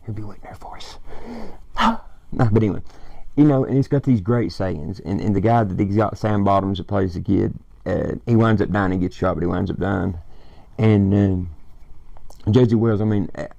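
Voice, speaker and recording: A man's voice: deep voice, moderate pace, vocal fry, dark tone, no echo, highs cut off. A man casually retelling a movie plot, rambling and swearing as he quotes lines. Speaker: movie fan vlogger.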